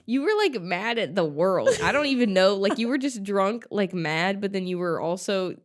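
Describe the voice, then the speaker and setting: A woman's voice: mid-range voice, lively intonation, moderate pace. A woman in her early twenties, co-hosting a podcast in casual chat, telling stories animatedly, acting out her friends' lines and swearing freely. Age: 20s. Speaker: podcast co-host.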